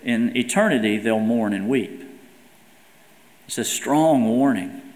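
A man's voice: mid-range voice, slow pace, a little mellow. Man preaching in an echoey hall. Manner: earnest preaching, reads scripture quotes aloud with emphasis. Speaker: pastor. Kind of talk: sermon. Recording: echoey hall with long reverb.

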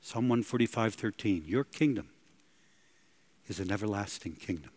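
A man's voice: lowish voice, animated, normal speed, darkish tone. A male pastor preaching a sermon, dramatic, breaking into gasps and soaring on emphatic lines.

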